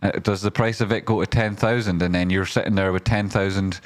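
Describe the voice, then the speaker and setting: Rambling man, low dry voice. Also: steady tone, a little fast, no room sound. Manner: rambling, full of fillers, flares into loud swearing rants. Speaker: stock market streamer. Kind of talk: casual livestream commentary.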